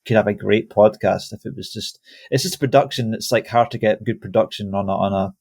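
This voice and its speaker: A man's voice: fairly low pitch, a little fast, vocal fry, a little mellow. A man hosting a podcast interview over a call, casual and hesitant, often restarting his sentences. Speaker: podcast host. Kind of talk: conversational interview. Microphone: video call.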